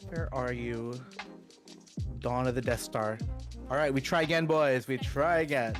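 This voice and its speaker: A man's voice: mid-range voice, measured pace, music in the background. A man on voice chat with a gaming group, upbeat and hyped, thanking viewers as he plays. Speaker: co-op player and streamer on voice chat. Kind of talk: casual voice chat.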